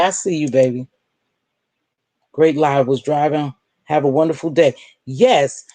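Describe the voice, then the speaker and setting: A woman hosting a live stream, confronting a viewer in a preachy, sarcastic rant with drawn-out hums. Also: lowish voice, a little mellow, no echo.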